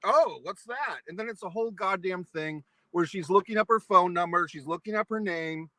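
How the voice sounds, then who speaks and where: Ranting, foul-mouthed bright-voiced man. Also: sits high, fairly quick, no echo, rough recording. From New England. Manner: angry, profane, ranting. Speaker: vlogger. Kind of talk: profane ranting monologue. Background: eating pizza.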